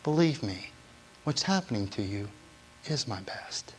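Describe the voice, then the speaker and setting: A man voicing God as a gentle, fatherly presence, speaking softly and slowly to a son in a sermon. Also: on the low side, big pitch swings, slightly rough, voice pushed down, exaggerated voice, low-quality recording. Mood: tender.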